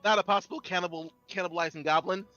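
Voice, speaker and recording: A man's voice: high voice, fairly even intonation, rapid-fire, pushed and bright, highs cut off, soft background music. A man playing in a tabletop game, throwing out joking heckles from across the table. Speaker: player.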